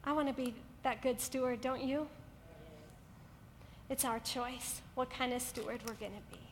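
A woman preaches with a very high voice in an earnest, repetitive style. Her words ring out with a long hall reverb, and a faint noise sits underneath. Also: fairly even intonation, moderate pace. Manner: earnest, building to emphatic repetition. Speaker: pastor. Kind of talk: sermon to a women's gathering.

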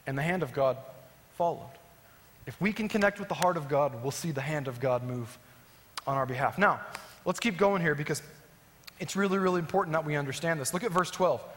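A man preaching as a pastor, swinging between emphatic rising lines and soft, low endings. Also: a little fast. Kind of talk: sermon. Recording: long hall reverb.

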